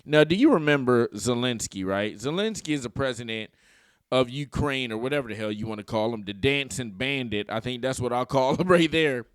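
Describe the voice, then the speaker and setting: Slangy opinionated male vlogger, smooth voice. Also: medium pitch, expressive, fairly quick. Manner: opinionated, slangy, joking asides. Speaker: YouTube commentator. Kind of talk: casual political commentary vlog.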